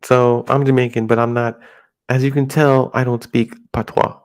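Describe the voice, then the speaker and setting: A middle-aged American man talking casually in a rambling, halting monologue with many restarts. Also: mid-range voice, level tone. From United States.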